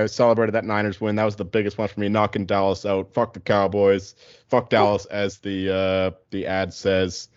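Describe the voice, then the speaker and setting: Male co-host, casual and rambling, low-pitched, dry and slightly dull sound. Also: dry recording. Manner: rambling, laid-back, many fillers. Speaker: podcast co-host. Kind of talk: casual sports podcast chat.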